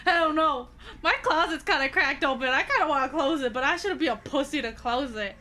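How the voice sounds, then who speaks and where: A woman's voice: high voice, fairly quick, pushed and bright, slight background noise. Jumpy, foul-mouthed streamer woman. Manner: swears a lot, jumpy, shrieks when scared. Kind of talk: reading horror stories live to chat. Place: home bedroom.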